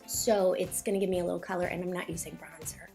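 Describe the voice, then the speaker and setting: A young woman talking through a makeup tutorial in a chatty, quick way, a little out of breath. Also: on the low side, fairly even intonation, gravelly, warm tone, soft background music. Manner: chatty, quick, filler-heavy. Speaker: makeup vlogger. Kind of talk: casual makeup tutorial voice-over.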